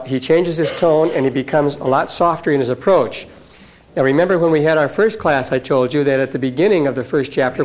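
A man's voice: fairly high pitch, a little mellow. A man teaching a Bible class verse by verse, in a folksy way, putting each verse into everyday words.

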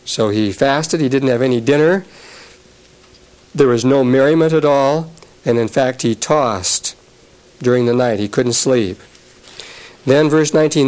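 A male pastor preaching a sermon, reading scripture aloud and then explaining it in a conversational way, slowing down on key phrases. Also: medium pitch, darkish tone.

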